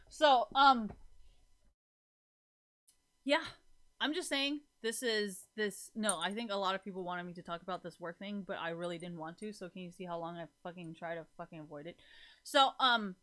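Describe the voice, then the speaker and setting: A young woman with a bright, forward voice talks straight to her stream audience in loose, rambling casual chat. She swears constantly and keeps slipping into laughter between her points. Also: medium pitch, normal speed, pauses often.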